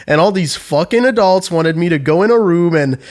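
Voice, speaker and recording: A man co-hosting a podcast, telling school stories in a casual, profane, animated way with lots of swearing. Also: sits high, a little fast. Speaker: podcast co-host. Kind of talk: casual chat.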